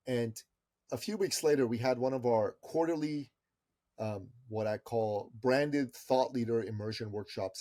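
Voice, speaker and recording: A man's voice: lowish voice, warm tone, dry recording, studio quality. A middle-aged man telling a story as an interview guest, in an emphatic, persuasive way. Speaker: podcast guest.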